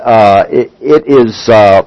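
A middle-aged man with a Southern US accent, a visiting pastor speaking to a church in a slow, folksy way full of "uh" fillers. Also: lowish voice, dull audio. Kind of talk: church address. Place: church sanctuary.

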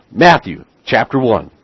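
A man's voice: mid-range voice, big pitch swings, takes it slowly, husky, no echo, dull audio. Male pastor, sermon delivery, self-deprecating humor, dry close sound. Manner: prays softly, then preaches with humor. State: dyslexic, stumbles over names.

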